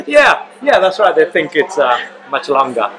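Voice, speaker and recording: A man's voice: a little high, sing-song, moderate pace, a crowd in the background, low-quality recording. A man hosting a podcast, chatting and interviewing his guest in an easygoing, playful way. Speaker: podcast host. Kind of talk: casual podcast chat.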